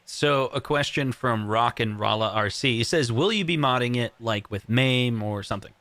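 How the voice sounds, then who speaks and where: A man co-hosting a casual live stream, reading viewer questions and doing a joking sponsor pitch. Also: moderate pace, a bit bright, no room sound. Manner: upbeat, joking. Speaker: co-host.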